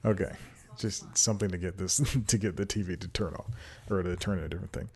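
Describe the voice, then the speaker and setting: A man with a lowish voice rambles through a casual solo podcast intro, cracking self-deprecating jokes and laughing at himself. He talks into a desk microphone at home. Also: fairly even intonation, fast, a little mellow, slightly rough. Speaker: podcast host. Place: home room with TV playing.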